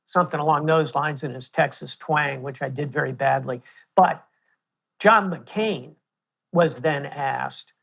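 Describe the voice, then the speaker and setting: A man in his sixties with an American accent, a guest answering interview questions in a measured, storytelling way. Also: fairly high pitch, creaky, fairly bright tone. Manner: measured, storytelling with historical examples. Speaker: guest, retired admiral.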